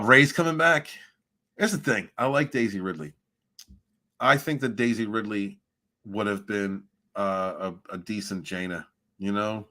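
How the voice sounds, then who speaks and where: A man hosting a livestream, reading viewer chat and ranting in a rambling, profane way with loud swings of emphasis. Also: lowish voice. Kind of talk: casual rant and chat.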